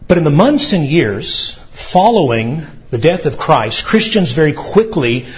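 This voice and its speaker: Male pastor, earnest explanatory sermon, reads scripture aloud, higher voice, dull lo-fi sound. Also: sing-song, measured pace.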